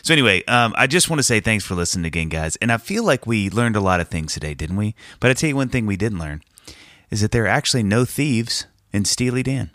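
A man's voice: lowish voice, expressive, quick pace, fairly bright tone, dry recording, studio quality. A man hosting a solo music podcast, talking casually and in a rambling, self-amused way about songwriting. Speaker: podcast host.

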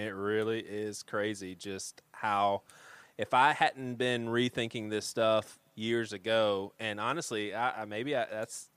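A man co-hosting a podcast in casual chat, animated and rambling, thanking supporters. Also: lowish voice, clean tone, dry recording. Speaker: podcast co-host.

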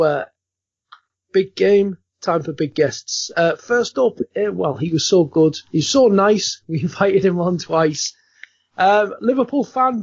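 Aussie guy hosting a podcast, high voice, jokey and chatty, dull dry sound. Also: darkish tone, no room sound. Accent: Australian. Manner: jokey, chatty, laughs often. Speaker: podcast host. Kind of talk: casual chat.

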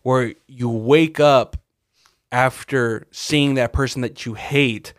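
Male co-host, mid-pitched, dry recording; loose, jokey, casually profane. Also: steady tone, slow, no echo. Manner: loose, joking, curses casually. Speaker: podcast co-host. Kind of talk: casual chat.

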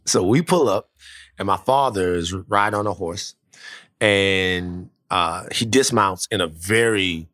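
A man telling a long personal story in casual chat, animated and profane, often restarting his sentences. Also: sits low, measured pace, dry recording, clean studio sound.

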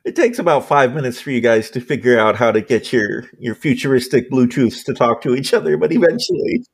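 A woman's voice: extremely low pitch, a little fast, husky. A woman acting as game master, narrating and voicing shopkeepers in a tabletop game.

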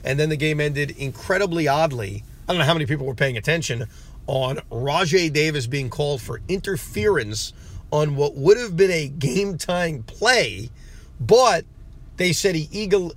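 A man with a fairly high voice talks through a casual solo sports podcast. He rants in an animated, exasperated way about his trip. He records from a parked car. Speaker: podcast host. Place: parked car near a rental return.

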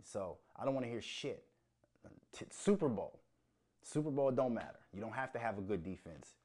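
A man's voice: lowish voice, lively intonation, fast talker, a little mellow. A man from Minnesota hosting his own show, ranting about sports with heavy profanity and rising heat. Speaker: show host.

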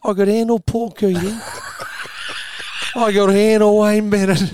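A man's voice: very high-pitched, brisk, background noise, pitched above the performer's own voice. A man voicing an upset, exasperated man at the punchline of a joke.

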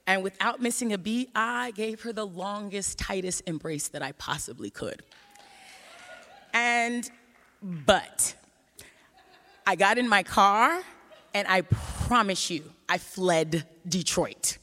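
A woman tells a personal story to an audience, animated and lively, acting out the voices she quotes. Her voice sits in the middle range. A long reverb from a large hall hangs behind her words. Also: mid-range voice, slow. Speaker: researcher giving a talk.

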